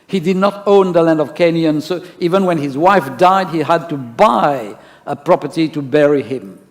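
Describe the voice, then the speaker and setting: Man, pastor, storytelling sermon, rhetorical questions, fairly high voice, long church reverb. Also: normal speed.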